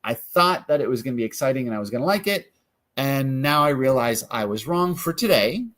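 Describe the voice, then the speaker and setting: A man coaching viewers through a decision exercise in a calm, guiding way, often acting out the questions people ask themselves. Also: mid-range voice, fairly quick. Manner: calm, guiding, acts out inner questions in quotes. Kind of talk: guided self-help coaching.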